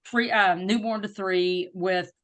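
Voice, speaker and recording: A middle-aged woman with a Southern US accent, a guest telling a personal story in an interview with emphatic, faith-filled warmth. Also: mid-range voice, steady tone, slow. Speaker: guest, disability advocate.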